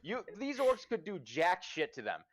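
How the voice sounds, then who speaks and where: A man's voice: sits high, huge pitch swings, normal speed. A man hosting a casual livestream chat, giving profane, emphatic advice as a game master. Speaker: podcast host and dungeon master.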